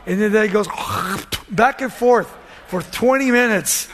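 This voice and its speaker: A pastor with a notably high male voice delivers a sermon at a moderate pace, with slight background noise. He retells scripture through animated storytelling, acting out the scenes, then sinks into a hushed prayer.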